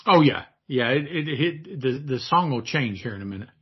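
A man's voice: mid-range voice, expressive, moderate pace, husky, muffled recording. A man chatting as a podcast guest, hesitant and repeating words as he thinks aloud. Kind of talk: casual chat.

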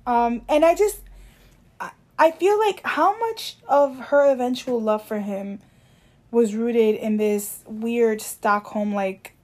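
A woman's voice: a little high, darkish tone. Hesitant woman thinking aloud. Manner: hesitant, thoughtful, halting with many fillers. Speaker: podcast co-host. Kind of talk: casual chat.

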